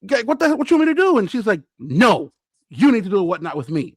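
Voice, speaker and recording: Brash New man, high and bouncy, boasting through a story on a podcast. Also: quick pace, husky, no room sound. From Brooklyn, New York. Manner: animated, boastful storytelling with acted-out quotes. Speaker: podcast co-host. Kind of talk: casual chat.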